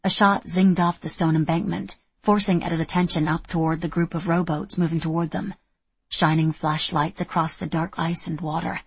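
A woman reading a novel aloud in steady, measured scripted narration. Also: fairly low pitch, creaky, husky, dry recording. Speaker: audiobook narrator.

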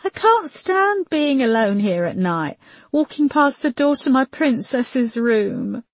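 A woman narrator voicing a defensive, emotional grieving mother, speaking higher and louder than her narration. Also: very animated, normal speed, slightly rough, no echo.

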